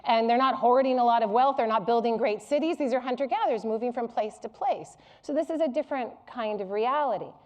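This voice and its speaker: A woman's voice: on the high side, fairly quick, few pauses. A middle-aged woman giving a public lecture to a live audience, candid and humorous as she tells personal stories. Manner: candid, humorous, animated storytelling.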